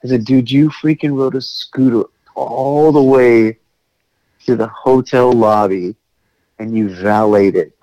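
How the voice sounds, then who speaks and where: A man in his late thirties telling a story in casual chat, animated and swearing, acting out quotes. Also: medium pitch, unhurried, no room sound, muffled recording. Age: 30s.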